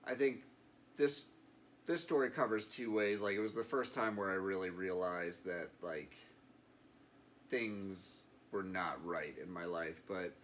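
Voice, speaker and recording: Low-voiced man, 30s, interview guest, earnest and reflective, faint noise under. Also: a little slow, fairly bright tone. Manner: earnest and reflective, many fillers. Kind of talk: candid interview.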